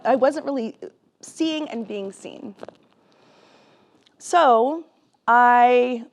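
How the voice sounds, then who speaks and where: A woman speaker telling her personal story to a live audience in a conversational, animated way, laughing often. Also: on the high side. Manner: conversational, with many fillers and restarts. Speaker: keynote speaker and author.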